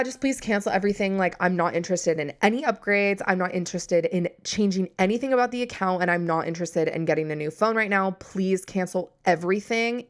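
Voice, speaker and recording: A young woman hosting a podcast, telling a story in casual chat, exasperated and sarcastic, swearing freely and acting out both sides of the conversation. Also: lowish voice. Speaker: podcast host.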